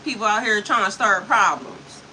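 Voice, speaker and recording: Talking to her livestream chat into a computer mic, a woman in her fifties who works as a spiritual coach is sassy, swears freely and laughs a lot. She has a medium-pitched, sharp voice with lively intonation at a moderate pace. The audio is poor, with slight background noise.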